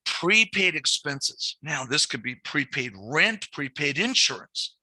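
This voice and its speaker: Middle-aged guy teaching a lending class, really bright voice, pretty high, keeps restarting. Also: sing-song, takes it slowly, no echo. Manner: conversational, repeats words and restarts. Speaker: commercial lending instructor. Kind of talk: classroom lecture with anecdotes.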